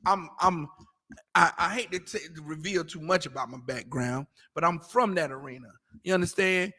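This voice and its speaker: A man talking casually in a scripture class, animated and mocking, acting out the voices he quotes. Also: on the high side, normal speed, big-room sound. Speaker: class teacher.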